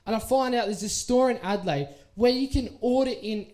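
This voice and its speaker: Animated young Australian man telling a story. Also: very high-pitched, brisk. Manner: animated, playful, acts out the people in his story. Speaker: youth speaker. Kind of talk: storytelling talk to a youth group.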